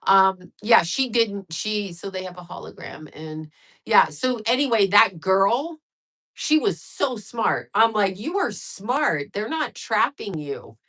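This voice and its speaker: A woman's voice: medium pitch, animated, slow pace, sharp tone. Casting: middle-aged woman, livestream host, loose rambling chat, answers comments. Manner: chatty, rambling, reacts to viewer comments.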